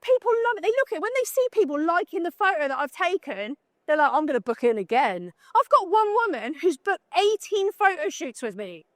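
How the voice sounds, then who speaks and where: High-voiced blunt British woman. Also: sing-song, brisk, few pauses, no echo, clean studio sound. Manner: blunt, joking, chatty, asks the audience questions. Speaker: photographer giving a talk. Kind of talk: live conference talk. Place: conference talk room at a trade show.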